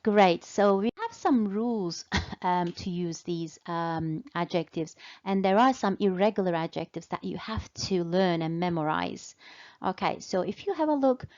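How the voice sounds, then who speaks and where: A woman teaching English in a slow, deliberate way, patiently repeating and stretching out key words for learners. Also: on the low side, darkish tone, highs cut off. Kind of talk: slow, deliberate language lesson.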